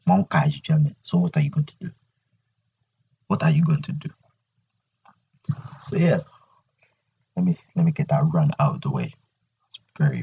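A man's voice: extremely low pitch, warm tone, slightly rough, lo-fi sound. A young man hosting a solo podcast, ranting animatedly and repeating his points. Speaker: podcast host.

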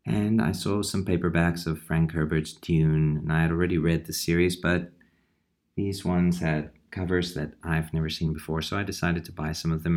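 Deep-voiced male host, calm and reflective. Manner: unhurried reflective storytelling. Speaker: podcast host. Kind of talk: horror comics podcast monologue.

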